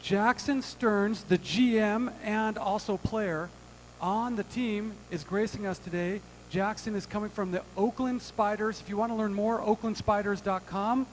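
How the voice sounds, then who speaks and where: A man's voice: high voice, steady tone, a little slow, a little hiss or hum, poor audio. A man introducing a guest at a club meeting, speaking with enthusiasm.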